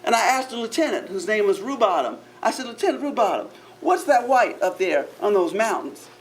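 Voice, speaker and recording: A man spins a living-history tale for a crowd indoors, his pitch swooping widely from line to line. He is playful and theatrical, chuckling often and turning to the audience with asides. A faint hiss sits under the voice. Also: very animated, brisk. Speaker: park ranger giving a living-history talk. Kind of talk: first-person character storytelling to a live audience.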